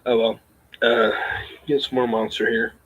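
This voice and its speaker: A young man chatting casually in a vlog at home, rambling and hesitant, with a gravelly, husky voice on a webcam or phone mic. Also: mid-range voice, level tone, unhurried, fairly bright tone, rough recording. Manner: rambling, hesitant, lots of fillers. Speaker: vlogger.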